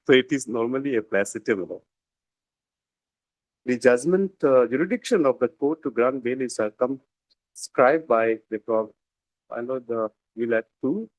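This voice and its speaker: A man's voice: mid-range voice, lively intonation, a little slow, pauses often, no room sound, low-quality recording. A man arguing as a defence lawyer over a video call, deferential and hesitant, addressing the judge as "my lord" again and again. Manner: deferential, repeats "my lord" often, hesitant with fillers. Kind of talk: courtroom argument.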